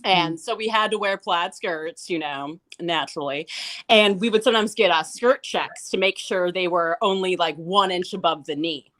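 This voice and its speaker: A woman's voice: lowish voice, normal speed, a bit bright. A young woman performing a stand-up comedy set, chatty and rambling, often laughing at her own jokes.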